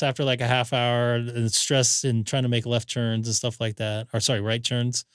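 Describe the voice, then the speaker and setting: A man's voice: medium pitch, level tone, moderate pace, clear, resonant tone, no room sound, studio quality. A man hosting a ham radio live stream, telling rambling stories in casual chat and acting out quotes. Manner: rambling anecdotes with acted-out quotes.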